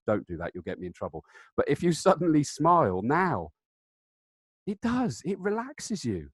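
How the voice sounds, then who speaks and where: Seated at a desk indoors, a man runs a live training webinar over a video call setup. His pitch is middling, his delivery animated and demonstrative, and he drops in self-deprecating asides. The audio is dry, with no room echo.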